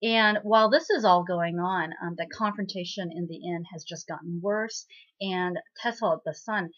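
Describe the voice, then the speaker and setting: A woman hosting a casual spoken recap of a drama episode, chatty and full of fillers and asides. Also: on the low side. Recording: slightly muffled lo-fi recording.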